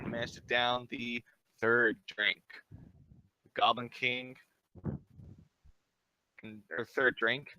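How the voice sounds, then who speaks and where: A man's voice: medium pitch, pushed and bright, slight background noise, low-quality recording. A man narrating as dungeon master in a live-streamed tabletop game, easygoing and casual, with filler words. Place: home setup, streamed live.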